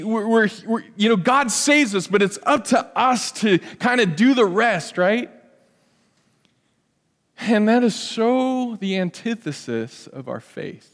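A man's voice: high voice, big-room sound. A man preaching an earnest, conversational sermon with frequent restarts. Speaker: pastor.

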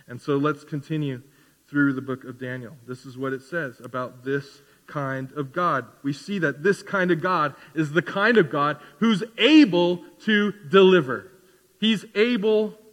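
Bright-voiced preacher man in a hall. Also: a little high. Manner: preaching with rising emphatic questions. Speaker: pastor. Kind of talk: sermon. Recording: reverberant hall.

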